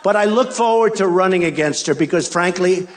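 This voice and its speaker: An older man, a political candidate, gives a boastful, repetitive rally speech full of mocking asides in a large arena. His voice sits high and runs a little fast, with heavy background noise from the arena crowd and a faint crowd ambience behind him.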